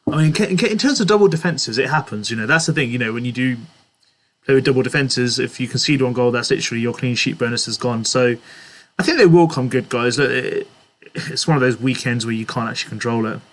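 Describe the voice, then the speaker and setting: A man's voice: medium pitch, quick pace. A young man hosting a casual live stream, reading out viewers' chat messages and answering them in a chatty way, often laughing. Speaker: livestream host answering chat.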